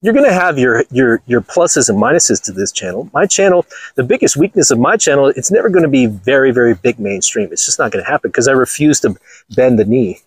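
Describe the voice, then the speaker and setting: Crude guy ranting on a walk outside, husky voice, swings up and down a lot. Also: mid-range voice, animated, brisk, dry recording, low-quality recording. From Los Angeles, USA. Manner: blunt, crude and mocking, laughs often. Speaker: channel host. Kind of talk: casual walking vlog rant. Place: outdoors on a golf course.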